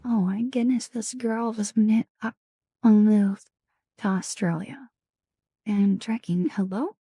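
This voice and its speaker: A young woman hosting a live stream in whispered role-play, talking softly and affectionately, often dropping into a whisper. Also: mid-range voice, slow, slightly rough, no room sound, studio quality. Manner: soft, affectionate, alternating whisper and quiet voice. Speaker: streamer host.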